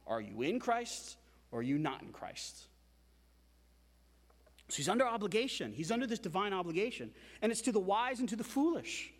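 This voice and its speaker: A man preaching a sermon as pastor, emphatic and animated, with frequent repetitions. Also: sits high, long reverb tail.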